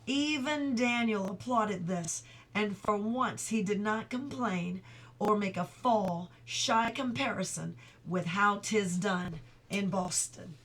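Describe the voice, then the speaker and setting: A woman's voice: medium pitch, slow pace, a bit bright, a little hiss or hum. Woman reading a novel aloud. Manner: reads steadily, breaks off for chatty asides and laughter. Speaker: audiobook reader. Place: at home.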